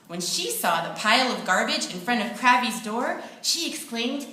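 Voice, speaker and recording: Bright, animated female storyteller for a kids' play; echoey room, mic set back. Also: a little high, normal speed. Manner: lively, expressive storytelling. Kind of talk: children's play narration. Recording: echoey room, distant mic, faint noise.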